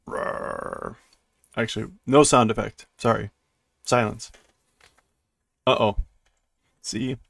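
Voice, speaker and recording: Man, casual read-through, translating aloud, playful sound effects, slow, gravelly. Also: fairly low pitch, fairly even intonation, a bit bright, no echo. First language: English. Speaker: streamer reading manga aloud.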